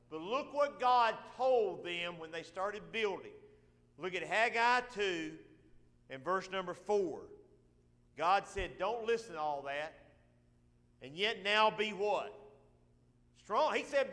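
A pastor with a Southern US accent delivers a sermon in a high-pitched man's voice. He rises to shouted emphasis and drops to quiet asides. The sound carries a long reverb from the church sanctuary. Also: a little slow.

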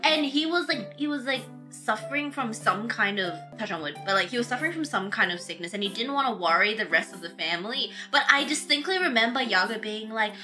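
A woman with an Australian accent in casual chat, animated and laughing often, mimicking other voices. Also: a little high, brisk. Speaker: streamer. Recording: music behind the voices.

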